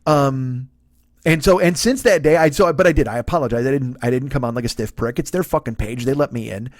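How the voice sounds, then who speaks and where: A man's voice: mid-range voice, brisk, dry recording, studio quality. A man in his forties, a comedian hosting his own podcast, ranting through a profane comedic monologue. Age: 40s. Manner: ranting, heavy swearing.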